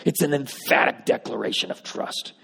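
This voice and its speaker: A man's voice: normal speed, fairly bright tone. A man preaching a sermon, emphatic with wry asides, reading scripture aloud. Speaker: pastor. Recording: long reverb of a large hall.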